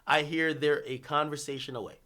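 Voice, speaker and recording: A man hosting a livestream, ranting about hip-hop in a casual, profane, animated way with bursts of laughter. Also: a little high, fairly quick.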